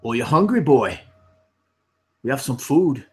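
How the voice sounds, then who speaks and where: A man's voice: mid-range voice, a little slow, lightly acted. A man voicing a cheerful younger male dwarf who talks in a hearty, teasing way.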